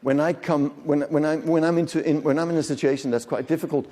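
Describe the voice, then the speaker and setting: A man in his fifties delivers a live lecture in a large conference hall, his slightly high voice moving fast with fairly even intonation and a warm tone. He keeps things conversational, cracking jokes and quizzing the audience, while the lecture room adds a long hall reverb.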